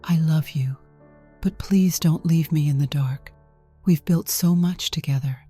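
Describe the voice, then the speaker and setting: A woman voicing a worried but determined wife who speaks gently and firmly. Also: low-pitched, normal speed, faint music behind. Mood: pleading.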